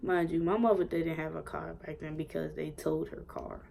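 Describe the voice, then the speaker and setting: A young woman casually telling a personal story, animated and full of swearing, acting out what others said. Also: low-pitched, normal speed, vocal fry. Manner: animated, swearing, acts out quotes. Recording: faint background noise.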